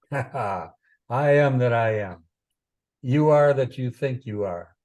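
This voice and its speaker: A man's voice: mid-range voice, animated, takes it slowly, darkish tone. A man teaching astrology in an informal talk, rambling with many fillers and repeated phrases, sometimes taking on a preaching tone. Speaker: astrologer teaching chart interpretation.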